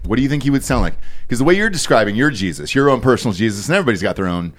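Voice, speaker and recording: A man's voice: mid-range voice, big pitch swings, racing. A man hosting a podcast, teasing his guests with crude, profane jokes. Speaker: podcast host. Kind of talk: crude comedic banter.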